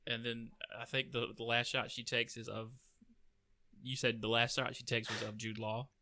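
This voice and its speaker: A man's voice: mid-range voice, little pitch movement, normal speed, pushed and bright, no echo. A man hosting a podcast in casual chat, laid-back and easygoing. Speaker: podcast host.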